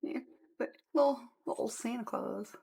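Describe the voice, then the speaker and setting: A woman's voice: on the high side, normal speed, vocal fry, mellow, breathy edge. A woman vlogging casually from a room at home, chatting in a rambling way and correcting herself as she goes. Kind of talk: casual vlog chat.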